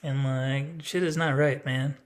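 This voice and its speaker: A man's voice: mid-range voice, fairly even intonation, measured pace. A man in his thirties talking straight to the camera in a casual personal vlog, rambling and blunt, with lots of filler words. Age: 30s. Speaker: vlogger.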